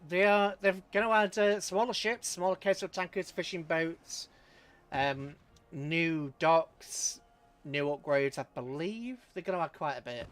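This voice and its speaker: A man's voice: fairly high pitch, unhurried, fairly bright tone. A man chatting casually through a live game stream, laughing often and talking to his chat. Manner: chatty, chuckling, talks to chat. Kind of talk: live gameplay commentary.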